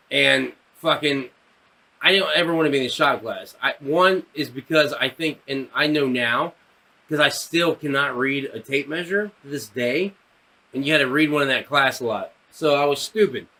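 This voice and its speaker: A man's voice: medium pitch, normal speed, a little hiss or hum. A man in his thirties, a podcast co-host telling a story in casual talk, acting out the voices of the people in it and laughing as he goes. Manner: animated, acts out quoted voices, laughs through his story.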